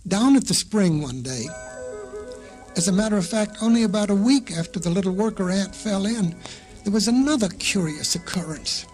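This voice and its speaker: A man's voice: high-pitched, animated, normal speed, a little mellow, soft background music. A man narrating animal fables for children on a storybook record, in a folksy style.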